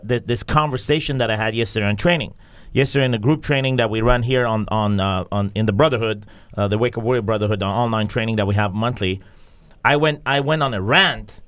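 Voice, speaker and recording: A blunt male host who swears freely and builds into fired-up rants during a candid podcast conversation. His voice sits at an ordinary middle pitch, neither deep nor high. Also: a bit bright. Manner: blunt, profane, ranting.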